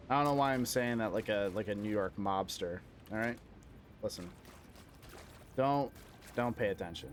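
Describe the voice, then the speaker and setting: A man's voice: lowish voice, moderate pace, pauses often, background noise. A young man chatting casually while streaming a game, rambling, self-deprecating and swearing often. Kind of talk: casual live-stream chat while gaming.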